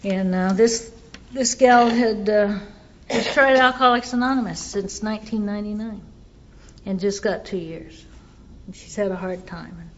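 A woman's voice: mid-range voice, fairly even intonation, normal speed, highs cut off, slight background noise. A woman giving a personal recovery testimony, telling her story earnestly and voicing the people in it. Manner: earnest storytelling, quotes others in dialogue.

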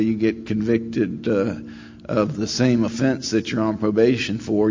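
In a meeting room, a wry man with a fairly low, darkish voice tells his story at a recovery meeting. His share rambles along with plenty of "uh" pauses and self-deprecating humor. The recording is slightly dull, with faint room noise.

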